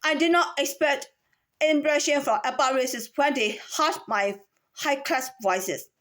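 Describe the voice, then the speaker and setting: A woman's voice: high voice, measured pace, a bit bright. A woman giving a lecturing monologue as a voice coach, repeating herself insistently and switching between voices to demonstrate them. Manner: demonstrates different speaking voices in a repetitive, insistent way.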